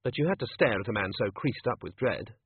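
A man's voice: medium pitch, expressive, a little fast, breathy edge, dry recording. A man narrating a comic fantasy story in a dry, wry manner. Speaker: audiobook narrator. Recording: phone-like lo-fi recording.

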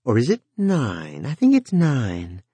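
A man's voice: medium pitch, wildly swooping pitch, slow pace, warm tone, slightly rough, no room sound, heavily acted. A man voicing a sly, coolly cruel female entity who taunts with false cheer. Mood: mocking.

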